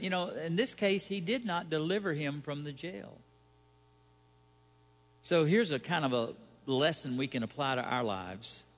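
A man's voice: fairly high pitch, a bit bright, long reverb tail. A man, a pastor, giving a conversational sermon with rhetorical questions and light humor.

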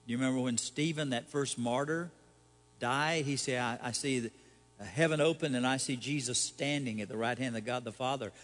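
A male pastor preaching in an easygoing, conversational way, asking rhetorical questions and adding touches of humor. His voice sits at an ordinary middle pitch. It rings with the long reverb of a church hall. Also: normal speed, a bit bright. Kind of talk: sermon.

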